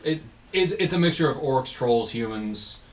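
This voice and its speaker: A man's voice: mid-range voice, lively intonation, normal speed. A man running a tabletop game as game master, talking casually with lots of swearing. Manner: casual, profane, rambling. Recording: echoey room, far from mic.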